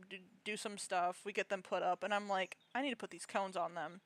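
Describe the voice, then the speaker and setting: A woman's voice: mid-range voice, fairly bright tone. Rambling, self-mocking woman streamer. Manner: rambling, self-mocking storytelling with many restarts. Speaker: game streamer. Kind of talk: casual live-stream chat.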